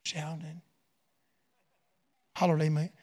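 Speaking slowly in a husky, fairly high voice with flat delivery, this middle-aged man preaches a revival sermon. It's folksy and packed with stories, swinging from hushed asides to loud, shouted climaxes.

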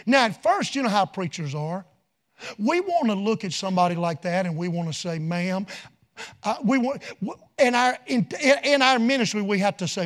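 A middle-aged man preaching a revival sermon full of stories, folksy and rising from quiet asides to loud shouted peaks. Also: sits high, expressive, normal speed.

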